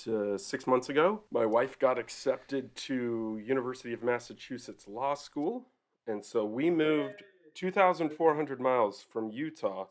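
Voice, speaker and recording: A man co-hosting a casual podcast chat from his home, telling stories in a halting way and laughing often. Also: medium pitch. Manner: halting, loose storytelling with frequent laughs. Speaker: podcast co-host. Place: home room.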